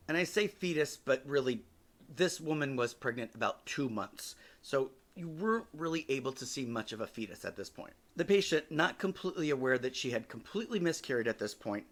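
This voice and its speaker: A man's voice: mid-range voice, fairly bright tone. Wry, candid man telling stories. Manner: candid and wry, with casual swearing. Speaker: podcast host. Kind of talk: casual personal storytelling.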